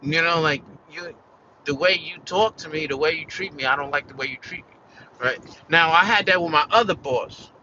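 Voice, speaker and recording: A man's voice: fairly high pitch, moderate pace, pushed and bright, highs cut off, slight background noise. An American man venting in a casual, rambling vlog rant, peppered with "like" and "you know" and swearing. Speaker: vlogger.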